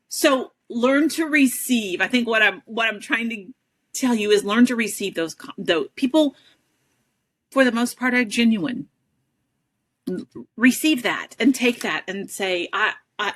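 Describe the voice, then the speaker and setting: A woman speaks as a guest on an interview show, telling a personal story with animated, self-deprecating energy. She often acts out the people she quotes. Her voice sits at an ordinary middle pitch for a woman. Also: measured pace. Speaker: interview guest, advocate and educator.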